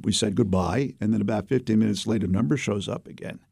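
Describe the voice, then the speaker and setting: A man, a bishop telling stories in a relaxed interview, rambling with many fillers and restarts. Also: fairly low pitch, quick pace, vocal fry, husky, no echo, clean studio sound. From Brooklyn, New York. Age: 70s. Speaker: Catholic bishop, interview guest. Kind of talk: casual storytelling interview.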